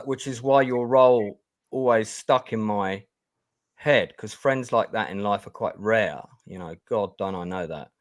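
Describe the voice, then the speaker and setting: A man hosting an interview, asking long, enthusiastic, rambling questions. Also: mid-range voice. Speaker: interview host.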